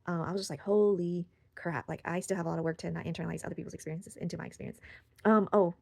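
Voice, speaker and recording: Fast-talking woman telling a personal story. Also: on the low side, fairly even intonation, creaky, darkish tone, no room sound. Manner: rambling, many fillers and restarts. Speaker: channel host.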